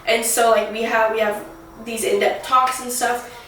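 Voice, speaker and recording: A woman's voice: a little high, flat delivery, moderate pace, a bit bright, heavy reverb, far from the mic, a little hiss or hum, rough recording. A woman in her twenties, a vlogger, talking candidly and rambling with lots of fillers while getting ready at home. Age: 20s.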